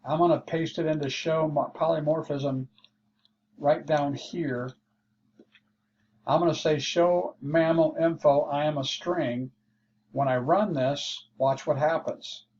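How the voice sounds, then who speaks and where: Slow-talking man teaching code. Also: a little high, fairly even intonation, darkish tone. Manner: slow, explanatory, thinking aloud with fillers. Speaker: programming instructor. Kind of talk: screen-share coding lesson. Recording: dull lo-fi mic with faint hiss.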